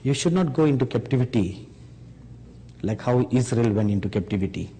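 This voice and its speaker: A man preaching a sermon, speaking slowly and emphatically and rising on rhetorical questions to his listeners. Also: mid-range voice, lively intonation, dark tone, breathy edge. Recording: long hall reverb.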